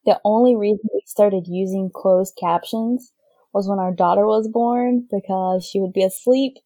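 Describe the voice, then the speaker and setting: A woman's voice: medium pitch, fairly even intonation, normal speed, dark tone, no room sound. Talkative, teasing woman guest, dry and close. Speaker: podcast guest. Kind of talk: casual podcast chat.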